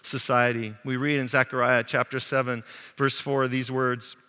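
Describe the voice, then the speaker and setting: A man preaching a sermon as pastor, animated and acting out quoted voices. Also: mid-range voice, moderate pace, clear, resonant tone. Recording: long hall reverb.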